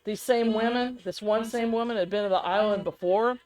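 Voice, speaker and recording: A woman co-hosting a casual podcast chat, rambling and animated, often laughing as she talks. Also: on the high side, brisk, rough recording. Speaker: podcast co-host.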